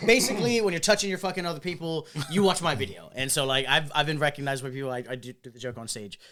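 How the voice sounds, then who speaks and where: A man's voice: on the high side, fast, pushed and bright. A young adult man hosting a podcast, telling a crude story with lots of laughter. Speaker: podcast host and comedian. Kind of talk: casual chat, storytelling.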